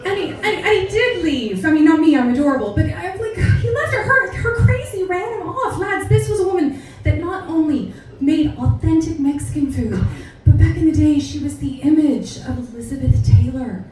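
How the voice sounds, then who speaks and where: An American woman doing a stand-up comedy set, with brash, profane, animated storytelling. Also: sits high, moderate pace, hardly any pauses, a little hiss or hum. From United States. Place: comedy club stage. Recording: echoey club from far off.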